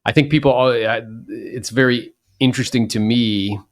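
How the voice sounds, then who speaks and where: A man's voice: mid-range voice, fairly even intonation, moderate pace. A man in his forties hosting a podcast, talking casually and animatedly about real estate, acting out the people he quotes.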